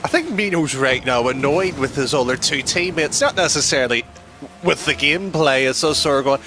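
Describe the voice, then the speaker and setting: A man's voice: on the high side, a little fast, bright, forceful tone, a little hiss or hum. A man giving colour commentary on a live esports match, teasing his partner and laughing often, on a headset mic.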